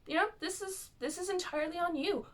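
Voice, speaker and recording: A woman putting on the voice of a scheming, manipulative witch mother who speaks softly and with false sweetness. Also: very high-pitched, a little fast, pitched above the performer's own voice. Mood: cold. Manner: soft, falsely sweet, coaxing. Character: cold scheming mother witch, pretending to be nice.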